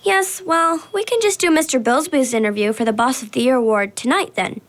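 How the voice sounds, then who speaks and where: A woman's voice: high-pitched, brisk, lightly acted. An actress playing a polite, anxious young assistant who hesitates when she is unsure, in a children's radio drama. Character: nervous, dutiful young woman assistant.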